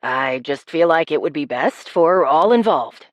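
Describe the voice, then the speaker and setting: A man's voice: on the high side, animated, measured pace, no echo, pitched below the performer's own voice. A woman voicing a smug, teasing young man. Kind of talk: audiobook character voice.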